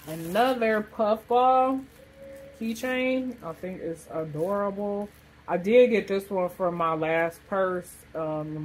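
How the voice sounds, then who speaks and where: Casual woman vlogger with a deep, slow delivery, rambling through her haul over faint background hiss. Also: darkish tone, rough recording. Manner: chatty, rambling, lots of fillers. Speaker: vlogger showing a shopping haul. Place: hot room with a fan blowing.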